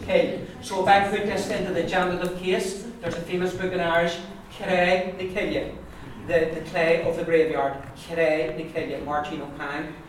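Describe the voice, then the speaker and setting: A teacher with a Donegal accent leads a pronunciation class, repeating each syllable many times. The voice sits at an ordinary middle pitch. It comes from far off in a very reverberant room with steady noise behind. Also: moderate pace, few pauses. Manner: patient, repeats sounds many times over. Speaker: language teacher. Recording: very echoey room, mic far off, background noise.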